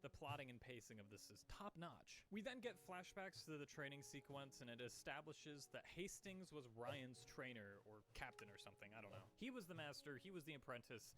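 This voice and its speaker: A man's voice: mid-range voice, very animated, brisk, few pauses, fairly bright tone. A young man streaming a sarcastic movie commentary, mocking the plot with rhetorical questions.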